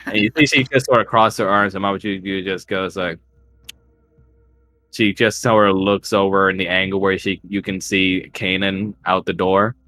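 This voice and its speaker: A man's voice: deep voice, fairly even intonation, normal speed, pushed and bright. A man running a tabletop game as game master, narrating casually with chuckles.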